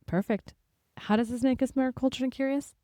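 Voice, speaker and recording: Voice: high voice, fairly even intonation, brisk, warm tone, no echo, clean studio sound. A podcast co-host in a casual chat, mostly giving short, playfully skeptical reactions and questions.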